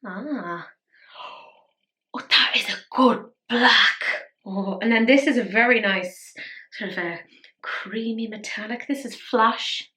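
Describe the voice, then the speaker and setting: Tired woman doing a casual makeup vlog, chatty and jokey, kinda high bright voice. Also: takes it slowly. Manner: chatty, playful, self-mocking. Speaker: beauty vlogger. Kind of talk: casual makeup tutorial chat.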